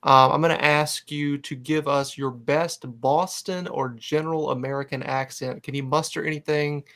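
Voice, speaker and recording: A man's voice: fairly high pitch, fairly even intonation, normal speed, fairly bright tone. A man hosting a casual fan podcast, upbeat and enthusiastic as he steers the interview segments. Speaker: podcast host.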